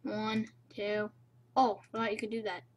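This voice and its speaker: A young woman casually commenting on her own gameplay, rambling and playful, recorded on a cheap low-quality mic. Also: little pitch movement, measured pace. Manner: rambling, playful, self-chatting. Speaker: gamer.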